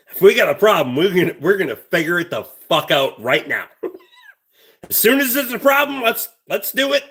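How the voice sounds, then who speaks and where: A man's voice: sits high, sing-song, normal speed, fairly bright tone, slightly rough. A man hosting a livestream, telling a rambling story in a blunt, heavily profane way. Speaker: livestream host.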